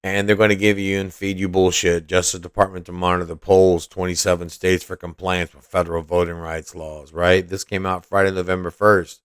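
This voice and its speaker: A man's voice: low voice, level tone, brisk, few pauses, clear, resonant tone, no room sound, studio quality. A man hosting a podcast, giving profane, mocking and combative political commentary. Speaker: podcast host.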